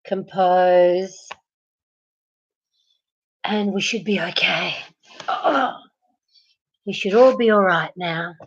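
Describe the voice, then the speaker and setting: A woman hosting a casual late-night livestream from her bed, chatting with viewers by name and laughing a lot, her voice getting hoarse. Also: mid-range voice, slow, long pauses, dull audio. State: losing her voice. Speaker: livestream host. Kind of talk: casual live chat reading comments. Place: at home, in bed.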